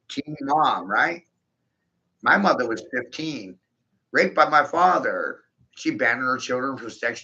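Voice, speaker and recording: A man's voice: mid-range voice, pushed and bright, dull audio. A man delivering a rambling, profane monologue, breaking into laughter often and talking with intensity. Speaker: video host.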